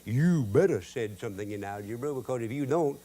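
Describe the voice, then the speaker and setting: A man's voice: mid-range voice, lively intonation, brisk, dark tone, lightly acted. A man doing a blunt old Cajun papa. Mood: blunt, teasing. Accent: Cajun English. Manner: broken-grammar folksy storytelling. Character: old Cajun farmer father, blunt and proud.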